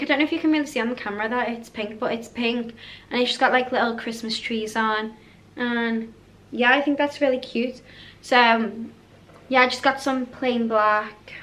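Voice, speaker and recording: Bright-voiced chatty British woman vlogging. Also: on the high side. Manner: rambling, chatty, drifts off topic. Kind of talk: casual haul vlog chat.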